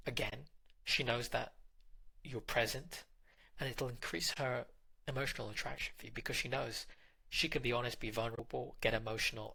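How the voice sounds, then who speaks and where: Male relationship coach, direct and instructive, bright voice with a husky edge. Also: mid-range voice, rough recording. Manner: direct, instructive, addresses the listener. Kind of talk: narrated relationship advice.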